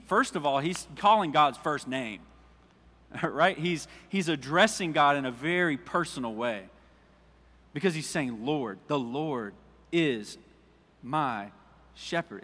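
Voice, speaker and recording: A male pastor giving a relaxed, conversational sermon, reading scripture aloud and putting questions to his congregation. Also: fairly high pitch, long reverb tail. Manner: informal, asks the congregation questions, jokes.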